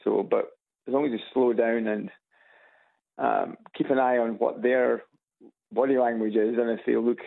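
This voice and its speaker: A man with a Scottish Edinburgh accent, calling in to a radio show on a loudspeaker phone, chatting easily with some hesitant restarts. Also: mid-range voice, steady tone, normal speed, creaky, pauses often. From Scotland. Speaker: caller. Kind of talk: casual phone chat. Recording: tinny phone line on radio.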